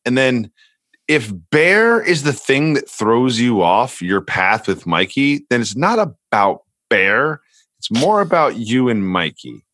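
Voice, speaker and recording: A man's voice: mid-range voice, big pitch swings, takes it slowly, fairly bright tone, no echo. Wry joking man, dry sound. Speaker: podcast co-host. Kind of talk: casual chat.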